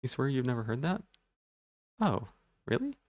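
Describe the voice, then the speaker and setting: A man's voice: medium pitch, very animated, normal speed, darkish tone, dry recording. A man livestreaming, casually reading out viewers' messages and answering them in a rambling way.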